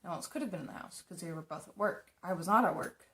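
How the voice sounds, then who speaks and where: A woman's voice: fairly low pitch, expressive, quick pace, fairly bright tone. A young woman casually telling stories while doing her makeup, chatty and rambling, swearing freely. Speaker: makeup streamer.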